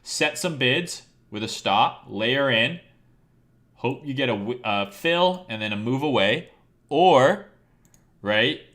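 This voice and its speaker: A man's voice: mid-range voice, lively intonation, slow, a bit bright. A man on a live stream teaching chart trading. He talks casually, swears often and keeps quizzing the viewers. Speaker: trading educator.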